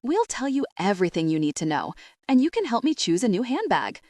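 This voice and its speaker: A woman's voice: on the high side, sing-song, fairly quick, darkish tone, no echo, clean studio sound, pitched above the performer's own voice. A woman voicing a breezy, insistent older mother in an audiobook. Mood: conspiratorial. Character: pushy doting older mother.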